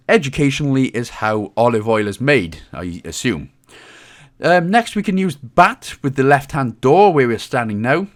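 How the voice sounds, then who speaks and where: A man's voice: mid-range voice, fairly bright tone. A man with a Welsh accent giving casual gameplay walkthrough commentary, chatty and joking, with frequent "um"s as he goes. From Britain. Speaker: game walkthrough host.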